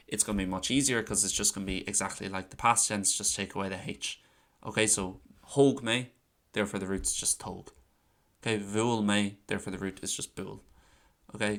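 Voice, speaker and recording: An Irish language teacher with a lowish voice gives a casual online lesson, teaching grammar in a chatty, relaxed way. He works through examples and slows down to repeat key phrases. He is from Ireland.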